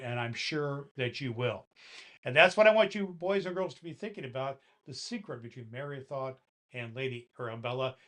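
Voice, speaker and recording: This man, cast as Santa Claus, talks to the listening children between gentle passages of a storybook he reads aloud. He speaks in a mid-range voice.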